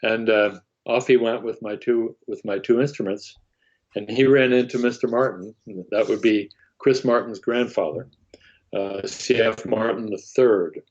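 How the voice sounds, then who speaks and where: Older male interview guest, lowish voice, halting with many fillers, muffled lo-fi audio. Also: fairly even intonation, darkish tone. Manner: halting, with frequent fillers and restarts. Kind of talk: anecdotal storytelling.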